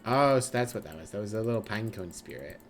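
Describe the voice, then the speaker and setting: A man's voice: on the low side, lively intonation, fast talker, slight background noise. A man streaming a video game, reading its text aloud and slipping into character voices with playful asides.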